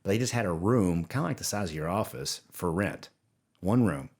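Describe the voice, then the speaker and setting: A man's voice: deep voice, expressive, moderate pace, darkish tone, husky. A man from Louisiana with a Southern accent, a guest chatting casually in a folksy way and laughing often. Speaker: podcast guest. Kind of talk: casual conversation.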